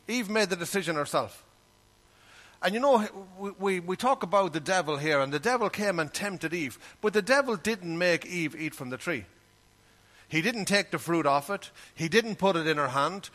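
A man's voice: high voice, animated, normal speed, fairly bright tone. A man preaching a sermon, talking earnestly and conversationally and reading scripture aloud. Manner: earnest, conversational, reads scripture in King James wording.

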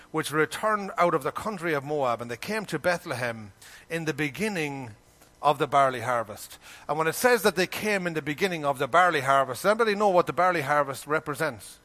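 A male preacher with a fairly high voice delivers a sermon with emphasis. He keeps asking his listeners rhetorical questions and slips into the voices of the people he quotes. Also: a bit bright.

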